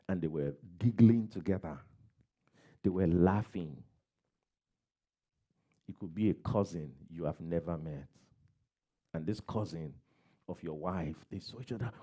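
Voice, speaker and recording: A man's voice: low voice, warm tone. A man preaching a sermon as a pastor, giving plain advice, repeating key phrases and acting out everyday quotes.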